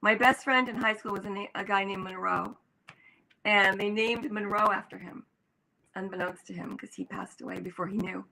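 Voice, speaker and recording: Bright-voiced older actress telling stories. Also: female voice, medium pitch, normal speed, creaky, low-quality recording. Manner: animated, acts out quoted voices. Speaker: guest actress. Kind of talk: storytelling in an interview.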